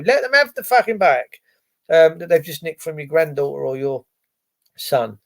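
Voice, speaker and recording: A man's voice: high voice, expressive, moderate pace, vocal fry. A man hosting a live stream, ranting casually with heavy swearing and sarcasm, rambling between topics. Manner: profane, sarcastic, wandering. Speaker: live-stream host reading chat.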